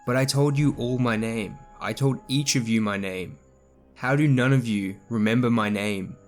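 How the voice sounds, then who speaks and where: A man gives voice to a creepy young man trailing strangers at night, speaking low and unnervingly calm. The tone stays quiet and even, with a soft musical bed running underneath this horror storybook narration. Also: moderate pace, faint music behind, natural voice. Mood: eerie calm.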